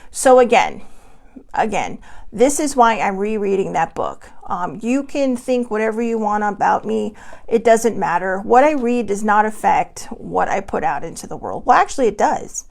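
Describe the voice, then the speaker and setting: Candid, rambling woman with a gravelly voice. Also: mid-range voice, big pitch swings, moderate pace. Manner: candid, rambling, conversational with frequent fillers. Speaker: host. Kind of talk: casual self-help vlog talk. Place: home room at a desk.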